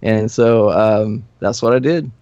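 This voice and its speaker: A man's voice: on the low side, a little slow, dark tone, dry recording. A man in his forties from Nashville, a former punk musician, talking as a podcast guest with rambling, profane stories and frequent chuckles. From Nashville, USA. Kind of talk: casual storytelling. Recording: dull, lo-fi, dry.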